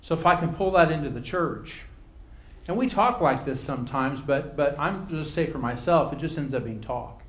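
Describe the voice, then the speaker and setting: A man leading a Bible class in a casual, off-the-cuff way, with a voice that sits a little high for a man. He doubles back on his words, then leans into key phrases with lifted emphasis. The recording has a roomy echo around him. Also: lively intonation, normal speed, fairly bright tone.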